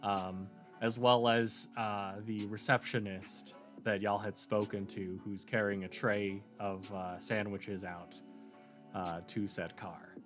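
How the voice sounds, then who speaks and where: A man's voice: fairly low pitch, little pitch movement, slow pace, fairly bright tone, faint music behind. A man narrating a tabletop game as game master, hesitant and full of fillers. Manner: hesitant, many fillers and restarts.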